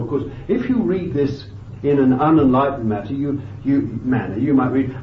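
A man preaching a sermon with fervent emphasis, moving between loud bursts and quiet asides, thinking aloud with restarts and "you see.". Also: medium pitch, brisk, few pauses, recorded from a distance, a little hiss or hum. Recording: dull, lo-fi, echoey and off-mic.

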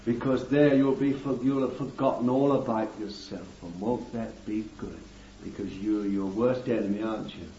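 A man's voice: on the low side, moderate pace, dark tone, slight background noise. A man preaching a fervent sermon, calling his listeners beloved and breaking in with amen and hallelujah. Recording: dull distant recording in a roomy hall.

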